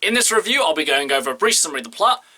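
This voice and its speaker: A man giving a casual spoken film review to camera, chatty and animated, speeding up and slowing down. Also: sits high.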